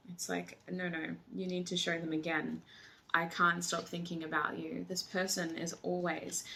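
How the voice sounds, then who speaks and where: A woman's voice: on the low side, vocal fry, fairly bright tone, slight background noise. A woman doing a tarot reading, talking effusively and emotionally, often exclaiming over the cards. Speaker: tarot reader. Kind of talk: tarot reading, channeled messages.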